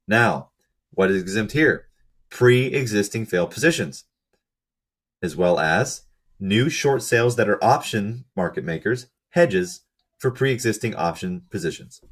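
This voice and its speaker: A man with a fairly low, hoarse voice that sounds like it is fading, talking through a research paper slide by slide. He reads out lists and figures in a steady, methodical way, with the odd quick aside. It has the feel of a channel host explaining a study to his viewers.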